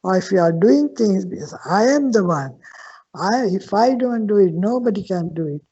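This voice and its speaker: An older woman, a Buddhist nun, teaching at a slow, patient pace with repeated questions and frequent restarts. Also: medium pitch, animated, warm tone, breathy edge. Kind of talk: Dharma Q&A teaching. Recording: dull lo-fi sound.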